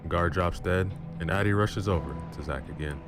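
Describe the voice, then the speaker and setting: Very deep-voiced male storyteller. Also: fairly quick. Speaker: storyteller, channel host. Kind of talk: first-person story narration. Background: music.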